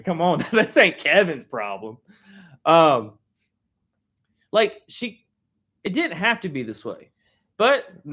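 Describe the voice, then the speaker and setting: Male pastor, 30s, laid-back slangy storyteller, middle pitch, sermon delivery. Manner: casual storytelling, animated, slangy. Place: church hall.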